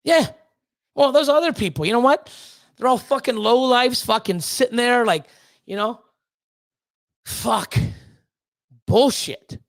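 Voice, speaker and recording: A woman streamer with a slightly high voice speaks unhurriedly, leaving long pauses in a heated, casual rant to her chat. She swears all the time and stumbles over her words, stammering and restarting as she gets worked up.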